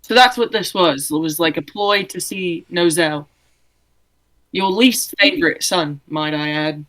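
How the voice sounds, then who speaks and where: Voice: medium pitch, unhurried, a bit bright, poor audio. A player in a tabletop game, asking pointed, sarcastic questions.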